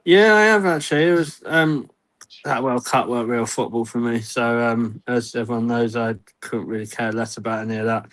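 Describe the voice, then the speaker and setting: A man's voice: mid-range voice, normal speed, a bit bright. A man chatting casually on a football fan podcast, laid-back and offhand, laughing easily. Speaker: podcast co-host.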